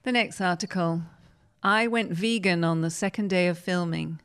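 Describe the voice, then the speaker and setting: A woman presenting and reading newspaper articles aloud in a measured, plain way. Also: on the low side, clear, resonant tone.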